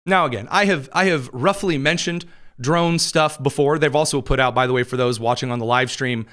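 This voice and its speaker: A man's voice: mid-range voice, a bit bright. A man hosting a political news show, commenting with sarcastic asides and jokes, his throat a little dry. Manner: wry, quick asides, laughs at own jokes.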